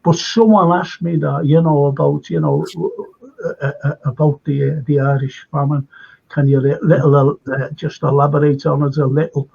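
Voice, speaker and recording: A man's voice: a little high, flat delivery, normal speed, creaky, a little mellow, slightly rough, highs cut off. An older man with a Liverpool accent, a retired lecturer chatting as a guest in a rambling, emphatic way that keeps repeating phrases. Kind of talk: casual conversation.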